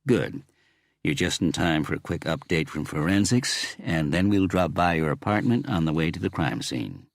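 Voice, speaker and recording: A man's voice: low voice, expressive, normal speed, no echo, studio quality. A man voicing a blunt, assertive woman homicide inspector with an American accent. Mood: brisk. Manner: blunt, loud and clear.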